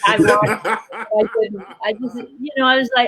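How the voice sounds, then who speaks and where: A woman's voice: a little high, steady tone, unhurried, crowd noise, rough recording. Chatty self-deprecating woman actor. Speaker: actor on a festival panel. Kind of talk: panel discussion.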